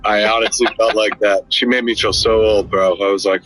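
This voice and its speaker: A man in his fifties chatting on a podcast, telling stories and acting out quoted dialogue. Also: on the low side. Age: 50s. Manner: animated storyteller, acts out dialogue with quick voice shifts. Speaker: podcast co-host. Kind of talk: casual chat.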